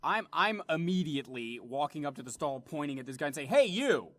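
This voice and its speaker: A man's voice: on the high side, quick pace, pushed and bright, no room sound. A man playing a tabletop game, eager and stammering, with many repeated starts. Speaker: player.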